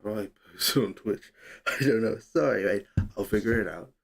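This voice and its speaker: A man's voice: fairly low pitch, normal speed, creaky. A young man hosting a casual livestream, chatting loosely, reading comments aloud and fumbling with his setup. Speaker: livestream host.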